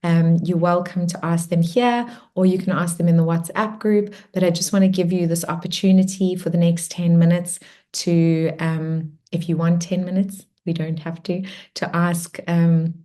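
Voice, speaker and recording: A woman closing a guided meditation and warmly encouraging an online group as she reads out their comments. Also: fairly low pitch, flat delivery, moderate pace. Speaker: meditation and spiritual workshop leader. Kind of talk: guided meditation close and live group check-in.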